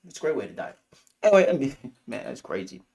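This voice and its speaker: A man from Africa giving a rambling, animated and profane casual review of a TV episode. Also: fast talker, creaky. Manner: rambling, animated, profane, swings pitch widely. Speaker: TV show reviewer.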